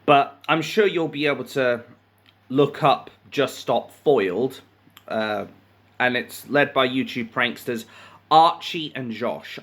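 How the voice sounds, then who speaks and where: A man reading news articles aloud and ranting about them in profane, indignant commentary, jumping from loud outbursts to muttered asides. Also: mid-range voice. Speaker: commentary channel host.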